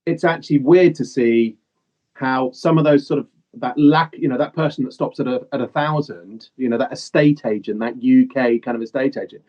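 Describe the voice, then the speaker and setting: A man's voice: mid-range voice, moderate pace, warm tone. A man hosting a podcast, talking casually and rambling with lots of fillers and restarts over a video call. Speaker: podcast host. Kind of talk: casual conversation. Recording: slightly dull lo-fi call audio.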